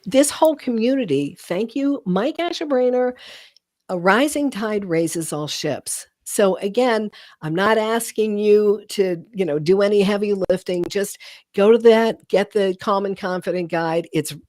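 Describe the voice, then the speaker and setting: A woman's voice: mid-range voice, a little slow, darkish tone, no echo, clean studio sound. A woman guest author speaking earnestly in an interview, getting emotional at times. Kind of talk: interview conversation.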